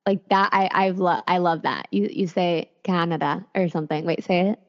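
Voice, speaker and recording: A woman's voice: lowish voice, normal speed, highs cut off. A woman hosting a podcast, playful and enthusiastic as she interviews a guest. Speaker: podcast host.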